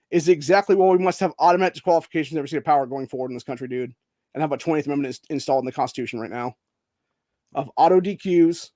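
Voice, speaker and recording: A man's voice: on the high side, a little mellow, dry recording, clean studio sound. A man hosting his own channel, delivering a heated, profanity-laced political rant and calling everyone dude. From Ohio. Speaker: host.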